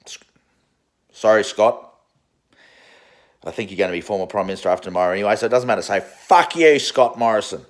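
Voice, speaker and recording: A man with an Australian accent giving a profane, sarcastic political rant as a vlogger. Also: fairly low pitch. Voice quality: swears constantly, sarcastic and heated.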